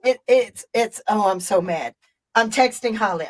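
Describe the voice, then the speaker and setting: A woman's voice: mid-range voice, fairly quick, low-quality recording. A middle-aged woman hosting a live stream, telling a story in casual chat, with an emphatic, profane and rambling delivery.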